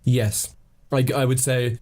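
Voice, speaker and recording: A man's voice: medium pitch, flat delivery, a little mellow. A young man co-hosting a podcast, chatting playfully and laughing easily. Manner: playful, jokey, quick to laugh. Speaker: podcast co-host. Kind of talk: casual chat.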